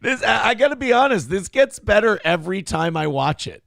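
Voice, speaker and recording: A man's voice: high voice, big pitch swings, a little fast, gravelly, a bit bright, no room sound. A male show host giving crude, mocking casual commentary on video clips and laughing often.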